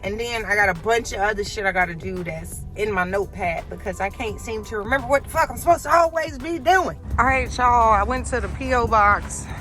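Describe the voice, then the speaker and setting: A woman vlogging on a phone, talking loud and profane as she calls her viewers y'all and honey. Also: a little high, animated, brisk, few pauses, soft background music. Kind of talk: casual vlog chat. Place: in a car and around a store.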